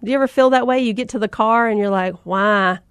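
A woman's voice: fairly high pitch, rapid-fire, smooth, no room sound, studio quality. A woman, hosting a podcast and telling a self-deprecating story in a chatty, casual way. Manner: chatty, self-deprecating, addresses listeners as mamas. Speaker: podcast host.

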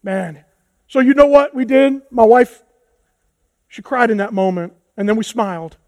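A man preaching a passionate sermon as pastor, moving from hushed tones to shouts. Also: very high voice, animated, measured pace, dry recording. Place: church hall with a congregation.

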